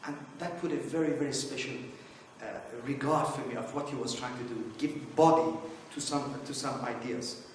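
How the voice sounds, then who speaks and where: A man's voice: mid-range voice, steady tone, moderate pace, a little hiss or hum. A middle-aged man giving informal opening remarks at a conference, rambling through anecdotes with many fillers and restarts. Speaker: conference speaker. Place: conference hall. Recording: echoey hall, distant mic.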